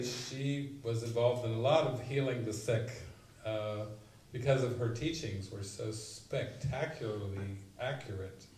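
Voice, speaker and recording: A man giving a spiritual retreat talk, telling stories and acting out quotes with sudden loud bursts. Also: medium pitch. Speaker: spiritual teacher. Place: retreat meeting room. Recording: roomy, mic at a distance, faint noise.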